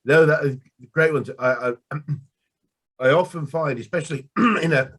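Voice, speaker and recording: A man's voice: fairly high pitch, normal speed, fairly bright tone, slightly rough. A man with a Northern English accent, a business coach asking questions and affirming his guest in hesitant phrasing. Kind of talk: interview questions.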